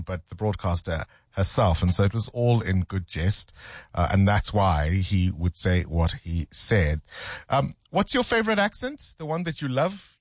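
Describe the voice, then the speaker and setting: Husky radio host. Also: male voice, fairly low pitch, no room sound, clean studio sound. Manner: easygoing, laughs often. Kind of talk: casual radio chat.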